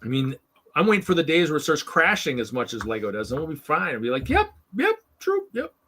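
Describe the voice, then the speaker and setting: A man's voice: mid-range voice, fast talker, pushed and bright, a little hiss or hum. A man hosting a live hobby stream in casual chat, ranting in an exasperated, sarcastic way and often repeating himself.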